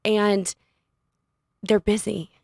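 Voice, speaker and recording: Gravelly-voiced woman telling a story. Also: mid-range voice, extremely slow, dry recording, studio quality. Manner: animated, laughs often, quotes others in her story. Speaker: podcast guest, studio owner. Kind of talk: casual storytelling. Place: podcast studio.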